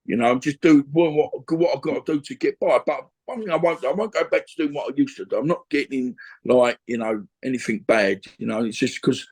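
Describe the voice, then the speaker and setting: A man's voice: medium pitch, brisk, hardly any pauses, darkish tone, husky. A middle-aged man tells a rambling story in an interview, often adding "you know what I mean". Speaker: interview guest, former boxer and gym owner. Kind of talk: conversational storytelling.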